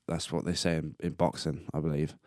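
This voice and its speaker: A young man in his twenties talks on his own podcast with a very low, deep voice, close to the mic in a dry, dead room. He rambles casually and laughs at his own jokes. Now and then he coughs or burps. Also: little pitch movement, fairly quick, warm tone, no room sound. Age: 20s. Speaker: podcast host. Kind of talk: casual solo podcast monologue.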